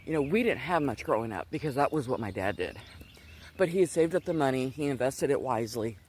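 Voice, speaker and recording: A man's voice: mid-range voice, expressive, fairly quick, a little hiss or hum. Winded middle-aged man rambling outdoors. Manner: rambling, digressive storytelling with many restarts. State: slightly out of breath. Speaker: Christian vlogger. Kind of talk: casual personal testimony. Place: outdoors, walking.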